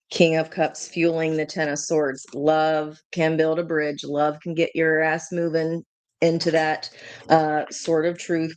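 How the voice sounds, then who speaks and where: Lady doing a tarot stream, talks slow and chatty, laughs a lot, kinda low voice. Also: no echo. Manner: chatty, thinks aloud, swears casually, laughs often. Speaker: tarot reader. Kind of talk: live-stream tarot reading.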